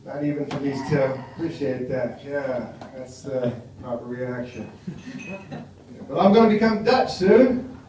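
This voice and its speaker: A man's voice: mid-range voice, measured pace, dark tone. American man doing stand-up in an echoey bar. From United States. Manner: wry, chatty crowd work. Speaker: stand-up comedian. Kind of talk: stand-up comedy set. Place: small café bar. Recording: echoey room from far off, faint noise.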